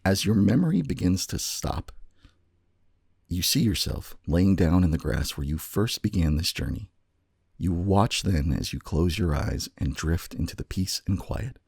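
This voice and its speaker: Brief: deep husky male podcast host, lively storyteller delivery, dry close sound. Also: dry recording. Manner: low gravelly voice, slow dramatic storytelling. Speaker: podcast co-host telling a choose-your-own-adventure story. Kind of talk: casual chat and dramatic story narration.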